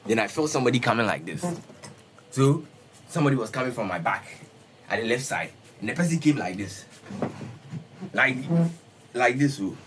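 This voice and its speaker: A young man, telling a storytime on a casual livestream, animated and repetitive, dropping "bro" often. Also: mid-range voice, moderate pace, pauses often, noisy background. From Ghana. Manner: animated, repetitive, peppers talk with "bro" and "Charlie". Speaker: streamer.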